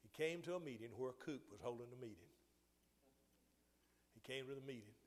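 A man's voice: medium pitch, lively intonation, a little fast. An older man preaching a sermon, telling a personal story with restarts and rising emphasis. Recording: long hall reverb.

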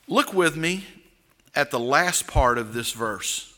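A man preaching a sermon, slow and emphatic, with sudden loud rises for stress. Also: a little high, sing-song, in a large hall. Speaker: pastor.

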